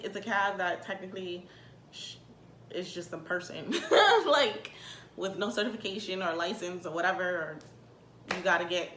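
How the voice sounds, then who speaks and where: A young woman in her twenties telling a comedic storytime rant, animated and swearing, with exasperated outbursts. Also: mid-range voice, slight background noise. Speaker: vlogger. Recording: echoey room.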